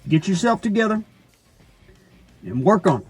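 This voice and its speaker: A man doing a lofty, measured former president. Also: sits high, big pitch swings, over music. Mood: lecturing. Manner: slow, halting delivery broken into short phrases; stately, lecturing tone. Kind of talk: comedy sketch phone call.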